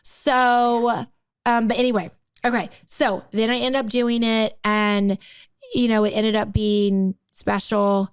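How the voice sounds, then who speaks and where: A woman in her thirties, from the United States, co-hosting a podcast and telling a story in a casual, animated way, peppered with "like". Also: fairly high pitch, slow pace, clear, resonant tone, no room sound. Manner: animated, acts out quoted people, frequent "like". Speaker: podcast co-host.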